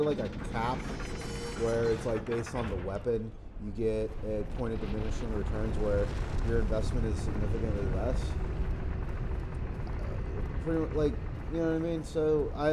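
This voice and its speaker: A man's voice: lowish voice, background noise. A man hosting a let's play, rambling through casual gameplay commentary, thinking aloud and bursting into exclamations and curses.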